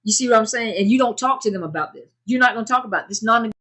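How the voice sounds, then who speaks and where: A woman's voice: a little high, quick pace, sharp tone. A woman hosting a casual advice talk, speaking conversationally, repeating her points and addressing her audience directly. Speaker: host giving advice on narcissistic abuse. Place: indoors, under a bright light.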